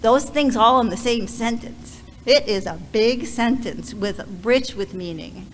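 A woman speaking as a visiting ministry leader in a heartfelt church talk, earnest and emotional, pausing often and restarting her sentences. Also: fairly high pitch, slight background noise. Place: church sanctuary. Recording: reverberant hall, faint background ambience.

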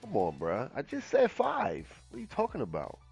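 A man's voice: on the high side, huge pitch swings, moderate pace, creaky, a little mellow, faint music behind. A man co-hosting a game livestream, upbeat, reading chat messages aloud, laughing and running a giveaway. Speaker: co-host of a game stream.

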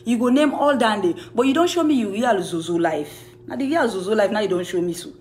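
Accusing, emphatic and repetitive, a woman with a Sierra Leonean Krio accent answers accusations to camera in a heated rebuttal; she's a music manager. Her mid-range voice is animated, fairly quick and a little mellow.

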